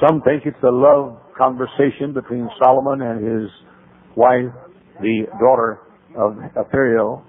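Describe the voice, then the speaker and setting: Gravelly male pastor, folksy sermon storyteller, tinny lo-fi radio sound. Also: mid-range voice, level tone, unhurried. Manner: folksy storytelling with rising preaching emphasis. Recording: tinny phone-like old radio broadcast.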